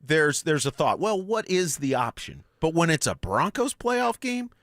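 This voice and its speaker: A man hosting a sports radio show in a studio, chatting excitedly and reading out listener texts. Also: a little high, a little slow, no echo. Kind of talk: casual sports radio chat. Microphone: studio microphone.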